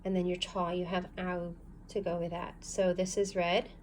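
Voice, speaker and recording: A woman's voice: on the low side, flat delivery, normal speed, a little mellow, slight background noise. A woman teaching a recorded phonics lesson, guiding learners patiently step by step and sounding out syllables. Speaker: language teacher.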